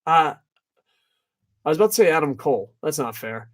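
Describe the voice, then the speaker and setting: A man's voice: on the high side, very animated, brisk, pauses often. Foul-mouthed man ranting about wrestling. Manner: profane, blunt and opinionated, swings from mumbling to shouting. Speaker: wrestling reviewer. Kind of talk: ranting video review.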